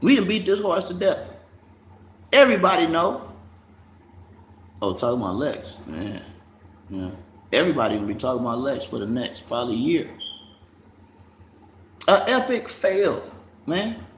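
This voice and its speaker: Male streamer, gravelly, slightly high voice, mocking and profane; echoey room with faint noise. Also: sing-song, normal speed, long pauses. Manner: profane, mocking, laughs often. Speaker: livestream host. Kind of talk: casual livestream rant.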